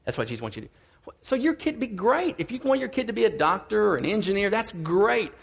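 A man preaching a sermon in a casual, conversational way, swinging between emphatic and quiet lines. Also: sits high, big pitch swings, quick pace, vocal fry, breathy edge.

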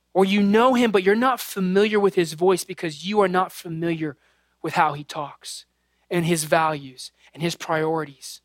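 A man's voice: high-pitched, fairly bright tone, no echo, studio quality. A man in his thirties preaching a sermon, earnest and conversational, mixing scripture with personal family stories. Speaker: pastor.

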